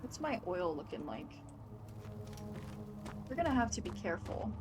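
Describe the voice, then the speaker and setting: A woman's voice: mid-range voice, sing-song, normal speed, music in the background. A woman streamer commentating her first playthrough of a horror game, chatty and wondering aloud, easily startled. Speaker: gaming streamer. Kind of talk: let's play commentary.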